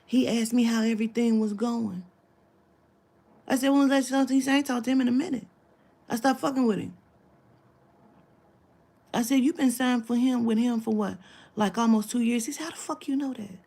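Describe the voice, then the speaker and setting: A woman's voice: a little high, moderate pace, creaky, long pauses, dark tone. A woman telling a long story in casual talk, acting out the quoted dialogue, swearing freely and dropping into whispers. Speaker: spiritual reader telling a client story.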